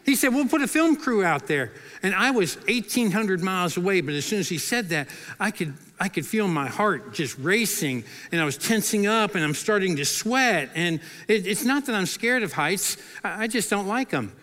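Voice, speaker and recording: A man's voice: high voice, normal speed, hardly any pauses, big-room sound. A middle-aged man preaching a sermon, telling a story with humor and acting out the voices of people in it. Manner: animated, acts out quoted voices with humor. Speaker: pastor.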